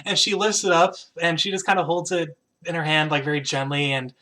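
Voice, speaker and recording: A man narrating as game master of a tabletop role-playing game. He describes the scene loosely, with many fillers. His voice sounds bright. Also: fairly high pitch, fairly quick.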